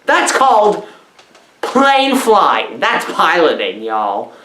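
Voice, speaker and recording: A woman giving a rambling, mock-earnest comedic film review, full of sarcastic, deadpan asides. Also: on the low side, slow pace, reverberant.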